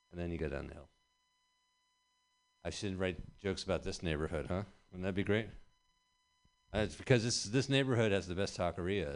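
Low-voiced male comic, thirties, rambling and deadpan with sudden loud punches, small-room open mic. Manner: rambling deadpan delivery with bursts of loud emphasis. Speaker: stand-up comedian. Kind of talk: stand-up set at an open mic. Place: small comedy venue.

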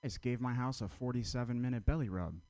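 A man doing stand-up at an open mic, delivering dry, quick one-liners. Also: medium pitch, warm tone, dry recording. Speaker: stand-up comedian.

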